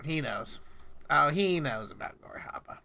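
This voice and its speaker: Bright, lively-voiced man on a livestream. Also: fairly high pitch, unhurried, creaky. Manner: jokey, mutters to himself while fiddling with settings. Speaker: livestreamer making prank calls. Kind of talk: casual livestream prank calls and chat.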